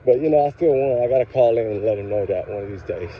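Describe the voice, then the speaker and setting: A true crime channel host walks around a grocery store parking lot, ranting angrily straight to his viewers in a casual vlog. His mid-range voice is fast and fired up, and the audio is narrow and tinny with slight background noise.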